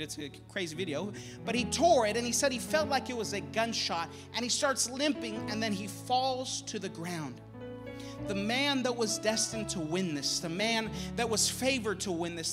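A man with a very high-pitched voice preaches in a church sanctuary, his words ringing with a long echo. Music plays behind him as he builds to impassioned, loud climaxes. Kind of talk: sermon.

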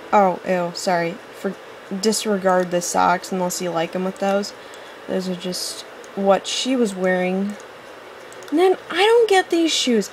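A woman chatting her way through a let's-play, rambling loosely and dropping quick apologies. Her voice sits at an ordinary middle pitch, and she grows impatient whenever the game stalls. A faint hiss runs underneath. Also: a little mellow. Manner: apologetic asides. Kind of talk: casual gameplay commentary.

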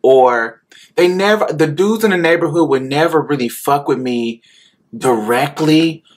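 A woman podcast host telling a personal story, animated and profane, laughing often as she talks. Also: low voice, unhurried.

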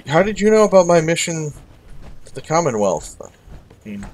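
A man's voice: fairly high pitch, big pitch swings, moderate pace, darkish tone, a little hiss or hum. A man hosting a let's-play, chatting with wry asides and answering the game characters. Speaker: gaming video host. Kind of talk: casual let's-play commentary.

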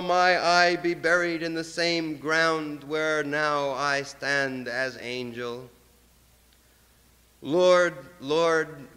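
Guy chanting his poem, high flat voice, slow, echoing hall reverb. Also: clean tone. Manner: incantatory, chanting long repeated lines. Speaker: poet. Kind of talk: poetry reading.

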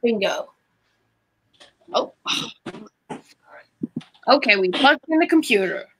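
A woman's voice: on the high side, very animated, takes it slowly, sharp tone, slight background noise. A woman in casual chat, giggly and playful.

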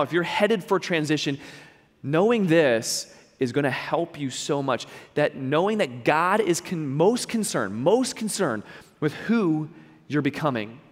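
A man's voice: on the high side, long reverb tail. A man preaching a sermon in an earnest, emphatic way, repeating key lines and adding playful asides. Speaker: pastor.

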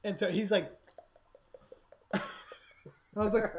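A man's voice: sits high, a little slow, pauses often, a little mellow. A man hosting a casual live stream, telling a story and laughing as he acts out quotes.

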